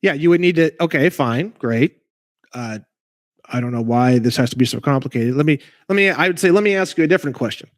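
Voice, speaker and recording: A man's voice: medium pitch, animated, brisk, no room sound. Emphatic, profane man with a dry sound. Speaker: guest legal researcher. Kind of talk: casual conversation on a call.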